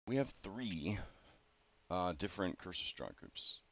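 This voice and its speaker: A man working as a game master, talking casually through his campaign prep in a rambling, conversational way with many fillers and quick asides. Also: low-pitched, animated, fairly bright tone, no echo. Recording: dull, dry lo-fi recording.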